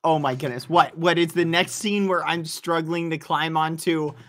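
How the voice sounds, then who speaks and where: A man giving a rambling tour during a game role-play. He talks haltingly with many fillers and breaks into high, shocked yelps when flustered. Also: steady tone, fairly bright tone. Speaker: streamer showing his base. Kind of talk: casual role-play chat while gaming.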